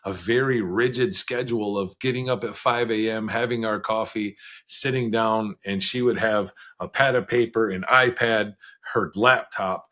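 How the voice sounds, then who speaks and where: A man speaking as a podcast guest, telling his story in a frank, conversational way with quick bursts of speech and occasional laughs. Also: lowish voice, fairly even intonation, bright, forceful tone. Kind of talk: candid storytelling interview.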